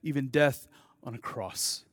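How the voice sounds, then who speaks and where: A man preaching a sermon to his congregation. He swings between soft, intimate asides and loud, emphatic declarations, with casual, self-deprecating remarks. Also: mid-range voice, a little slow, no echo, clean studio sound. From American Midwest. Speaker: pastor.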